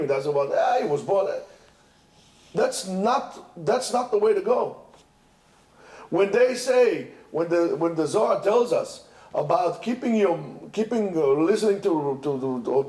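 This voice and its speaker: A man's voice: a little high, darkish tone. A man teaching a Torah lesson at a yeshiva, impassioned, repeating himself and restarting phrases. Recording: echoey room.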